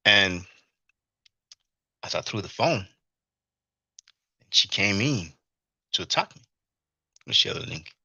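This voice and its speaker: A man's voice: fairly low pitch, slow, long pauses, husky, dry recording, highs cut off. A man hosting a livestream, rambling through a personal story in casual talk, full of fillers and restarts. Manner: rambling, animated retelling with many fillers and restarts. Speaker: livestream host.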